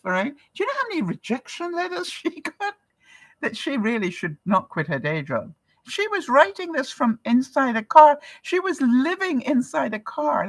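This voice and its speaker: A woman's voice: high-pitched, no room sound. An older woman from Canada, a vlogger chatting casually with her viewers, laughing often and asking rhetorical questions. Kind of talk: casual livestream chat.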